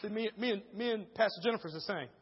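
A man preaching in a church with a very high, husky voice. He drops to quiet storytelling, then rises to shouted exhortation. The sound is dull and carries a long hall echo. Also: fast talker. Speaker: pastor. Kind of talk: sermon.

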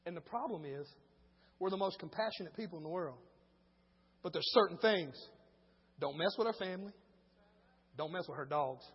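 A male pastor preaching a sermon, moving between quiet storytelling and shouted preaching in casual speech. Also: fairly high pitch, animated, normal speed, long pauses, slightly rough, long reverb tail, dull audio. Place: church.

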